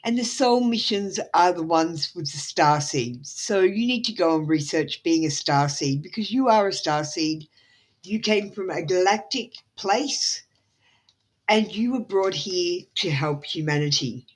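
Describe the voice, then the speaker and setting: A woman's voice: on the low side, lively intonation, unhurried. An Australian woman on a live stream giving tarot readings, talking in a rambling, apologetic way with lots of ums. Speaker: tarot reader. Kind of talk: casual live-stream chat.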